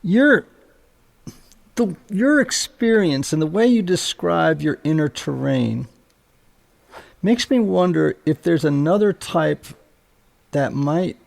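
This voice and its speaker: A man's voice: a little high, animated, slow, gravelly, long pauses. A man hosting a podcast, explaining ideas to his guest in a thoughtful, conversational way. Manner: thoughtful, explaining with fillers and restarts. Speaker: podcast host. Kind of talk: conversational interview.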